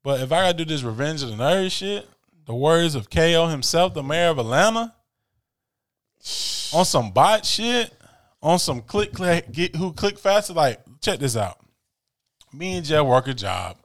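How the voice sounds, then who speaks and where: Animated laughing man chatting casually. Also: fairly high pitch, normal speed. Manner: animated, laughing, slangy storytelling. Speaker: podcast co-host. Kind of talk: casual chat about sneakers.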